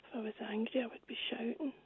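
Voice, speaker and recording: A woman's voice: fairly high pitch, steady tone, fast talker, slight background noise. A tired woman caller with a babyish voice, lying down as she talks on a radio phone-in. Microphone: phone line. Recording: tinny phone line.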